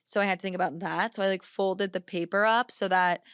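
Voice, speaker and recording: A woman chatting as a podcast guest, giving wedding speech tips in a loose, filler-heavy, animated way. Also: mid-range voice, clear, resonant tone, dry recording, clean studio sound. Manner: chatty, quick asides, many fillers. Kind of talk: casual chat. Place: studio.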